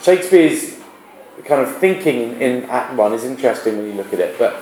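A man's voice: medium pitch, lively intonation, darkish tone, echoey room, a little hiss or hum, rough recording. A male literature teacher giving a classroom lesson, often restarting his sentences. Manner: halting, with many restarts and fillers.

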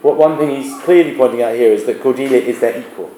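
A man's voice: medium pitch, warm tone, echoey room, a little hiss or hum, rough recording. A male literature teacher giving a classroom lesson, often restarting his sentences. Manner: halting, with many restarts and fillers.

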